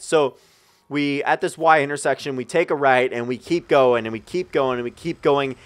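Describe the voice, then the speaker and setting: A man's voice: medium pitch, a little fast, fairly bright tone. A young man telling a rambling, profane story in a casual storytime video, talking straight to his viewers. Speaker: gaming channel storyteller. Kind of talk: casual storytime over gameplay.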